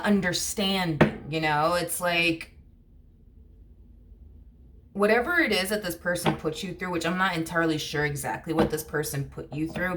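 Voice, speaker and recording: A woman's voice: sits low, noisy background. A woman giving a casual tarot reading to camera, rambling and full of fillers like "you know what I mean". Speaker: tarot reader.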